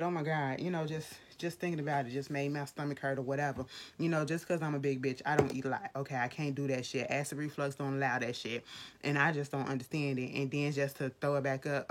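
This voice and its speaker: A woman in casual chat, reviewing a film in a blunt, profane and animated way. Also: sits low.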